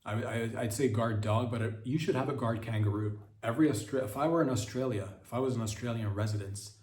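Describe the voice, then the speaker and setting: Male comic host, mid-pitched, riffs crude bits with frequent restarts; echoey room sound. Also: quick pace, darkish tone. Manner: crude, riffing, stumbling restarts. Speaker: podcast host. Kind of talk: rambling comedic monologue. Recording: roomy echo.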